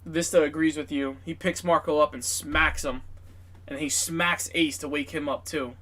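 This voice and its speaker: Brief: man, game master, casual profane narration of a tabletop game, slightly high voice. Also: steady tone, normal speed, sharp tone. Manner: casual, filler-heavy, profane.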